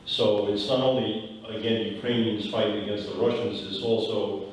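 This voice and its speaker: Low-voiced man hesitating in an echoey hall. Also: level tone, moderate pace, far from the mic, slight background noise. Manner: hesitant, many fillers.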